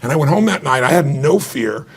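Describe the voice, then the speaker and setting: A middle-aged man, an author being interviewed, telling an emotional story with animated retold dialogue and frequent laughs. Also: medium pitch, brisk, a loud crowd. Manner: animated, acts out quoted dialogue, laughs often. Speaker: author and guest.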